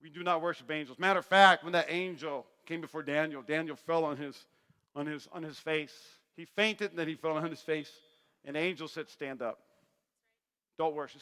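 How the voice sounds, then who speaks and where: A male pastor preaching a sermon, animated and joking, acting out Bible characters' lines. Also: fairly high pitch, fairly quick. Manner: animated, acts out voices of Bible figures, jokey asides. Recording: long hall reverb.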